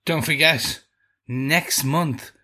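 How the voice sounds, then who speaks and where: A man co-hosting a podcast, giving a relaxed, chatty TV episode review. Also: a little high, drawn-out words. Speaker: podcast co-host. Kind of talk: casual chat.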